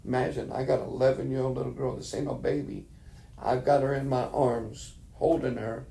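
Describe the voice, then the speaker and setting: A man's voice: medium pitch, vocal fry, dark tone. A man preacher telling his conversion testimony as a sermon, emotional storytelling that acts out the voices he heard. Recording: roomy echo.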